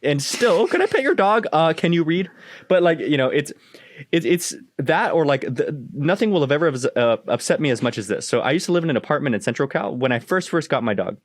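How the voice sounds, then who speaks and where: A man hosting a casual podcast, telling dog-training stories in an animated, profane way and acting out the exchanges. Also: mid-range voice, fast, no room sound.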